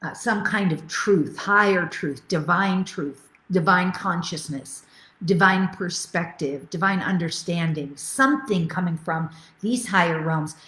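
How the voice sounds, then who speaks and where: A woman's voice: fairly low pitch, measured pace, a bit bright, roomy sound. A middle-aged woman spiritual coach teaching a live webinar, enthusiastic and reading out viewer comments as she goes.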